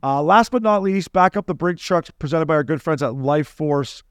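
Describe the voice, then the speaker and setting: A man co-hosting a podcast in casual chat, telling stories excitedly and swearing freely. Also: on the high side, moderate pace, clean tone, no room sound, clean studio sound. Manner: excitable, profane, storytelling. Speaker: podcast co-host.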